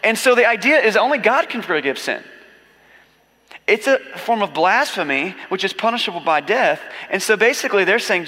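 Guy pastor giving a jokey casual sermon, bright tone, big hall echo. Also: high-pitched, expressive, normal speed. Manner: casual, jokey storytelling with acted asides.

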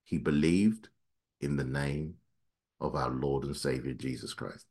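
A man preaching a sermon, his voice climbing for emphasis and then dropping low and quiet, reading scripture at a quick clip. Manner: dynamic preaching, voice rising high then dropping low and soft.

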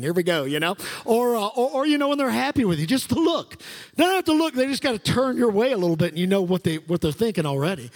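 Man, middle-aged, pastor, fervent sermon, call-and-response, long hall reverb. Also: very high-pitched. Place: church sanctuary.

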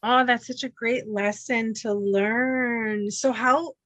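A woman's voice: on the high side, steady tone, slow pace, dry recording. A woman hosting a podcast interview, asking questions and encouraging her guest. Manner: warm, encouraging, affirming. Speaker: podcast host. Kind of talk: interview conversation.

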